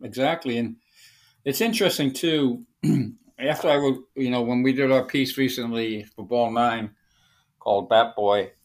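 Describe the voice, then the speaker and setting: A man hosting an interview podcast, talking in a low-key, reflective way. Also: a little slow. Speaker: podcast host. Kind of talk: casual interview chat.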